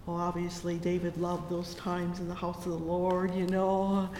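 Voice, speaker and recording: A preacher delivering a sermon with fervent, drawn-out cries of "oh yes" and "oh my". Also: mid-range voice, completely flat delivery, darkish tone, roomy sound, big-room sound, slight background noise.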